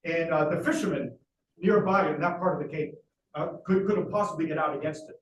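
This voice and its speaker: A man's voice: on the high side, a little fast. A man giving a history lecture as a dramatic story, with frequent "uh" fillers between phrases. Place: library talk room. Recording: roomy echo, distant mic, faint hiss.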